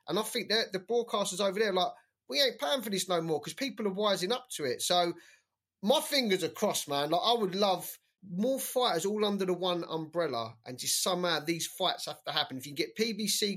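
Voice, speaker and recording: A fairly high-voiced man co-hosting a podcast, giving his opinions in an animated, casual way. He laughs easily and swears as he talks. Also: husky. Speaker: podcast co-host. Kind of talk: casual chat.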